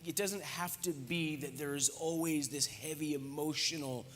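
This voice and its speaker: Man, pastor preaching, fairly high voice, joking conversational delivery, church hall echo. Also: moderate pace, fairly bright tone. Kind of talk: sermon. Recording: echoey church hall reverb.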